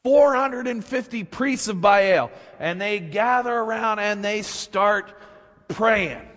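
A man preaching, retelling a story in an animated, colloquial way, in a church with long reverb. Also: high voice, slow. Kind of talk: sermon storytelling.

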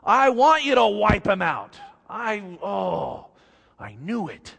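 Resentful prophet, high and strained, shouting, put on by a man preacher. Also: very animated, slow, gravelly, heavily acted. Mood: bitter. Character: angry, resentful male prophet Jonah. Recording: long reverb in a big hall.

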